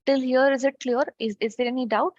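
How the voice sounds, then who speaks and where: A woman's voice: high-pitched, steady tone, fairly quick, a little mellow, dry recording. A woman teaching French in an online class, explaining step by step and checking in with "okay" often. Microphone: video call. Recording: dull lo-fi online call audio.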